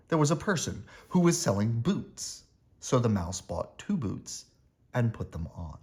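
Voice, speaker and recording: A man reading a children's storybook aloud, slowly and with a lively, swinging pitch. His delivery is expressive and suited to bedtime listening. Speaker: storybook reader. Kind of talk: children's read-aloud narration.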